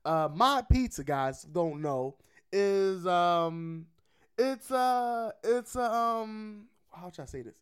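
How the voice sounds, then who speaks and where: Male co-host, slightly high voice, rambling casual talk. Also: lively intonation, clean tone. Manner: rambling, halting with fillers and restarts. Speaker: podcast co-host. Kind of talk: casual chat.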